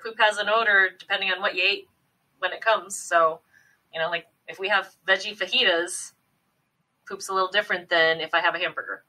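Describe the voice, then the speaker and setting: A woman's voice: mid-range voice, pushed and bright, distant mic, low-quality recording. A woman co-hosting a podcast, talking frankly in casual chat. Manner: frank, chatty, quick to laugh. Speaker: podcast co-host.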